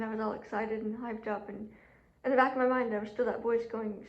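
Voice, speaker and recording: A woman's voice: fairly high pitch, quick pace. Chatty woman in an echoey room. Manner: chatty, animated, with many fillers and quoted self-talk. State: sore throat. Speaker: job seeker telling her story. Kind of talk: casual vlog talk to camera. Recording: echoey room, dull lo-fi audio.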